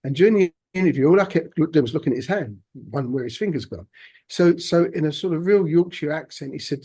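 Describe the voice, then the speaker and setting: A man, a podcast guest telling his own story in a halting, reflective way. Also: a little high, warm tone, husky. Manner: halting, reflective, many restarts. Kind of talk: personal storytelling interview.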